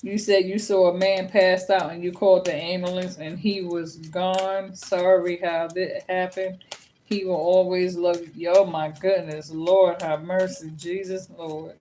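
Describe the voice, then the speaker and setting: A woman's voice: fairly low pitch, level tone, unhurried, dark tone, a little hiss or hum. A woman in her fifties giving a casual tarot reading to viewers, talking bluntly and chattily, swearing freely and then apologizing for it. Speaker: tarot reader.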